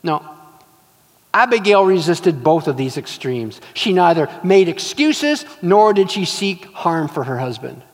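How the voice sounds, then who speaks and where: A man's voice: a little high, sing-song, a little slow. A man preaching a sermon in an earnest, storytelling way. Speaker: pastor. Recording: long hall reverb.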